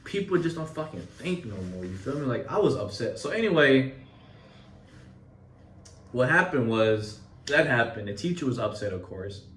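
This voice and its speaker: A young man tells a story in a loose, animated way, swearing often and leaning on street slang. He sits back from the mic, so his voice comes through distant. The room around him is echoey. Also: medium pitch, normal speed. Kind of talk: casual storytelling.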